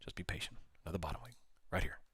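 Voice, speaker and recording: A man's voice: low-pitched, very fast, a bit bright, slightly rough. A man hosting a live day-trading stream, calling price levels and answering chat questions in a chatty way. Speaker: livestream day-trading host. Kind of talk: live market commentary. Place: small studio.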